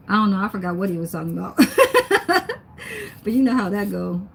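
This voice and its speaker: A woman's voice: on the high side, animated, normal speed, slight background noise. A young woman, chatting casually on a livestream while she cooks, reading comments and laughing often. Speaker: livestream host. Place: home kitchen.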